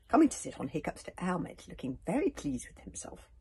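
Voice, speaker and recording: Animated woman narrating a storybook. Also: lowish voice, brisk, hardly any pauses, slightly rough, poor audio. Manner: animated, often drops to a whisper for suspense. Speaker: audiobook narrator. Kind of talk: storybook read-aloud narration.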